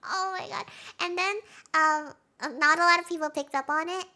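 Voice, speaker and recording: A woman streamer chatting casually through a TV recap, giggly and excitable, with frequent laughs and fillers. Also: very high-pitched, normal speed. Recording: live stream with faint music.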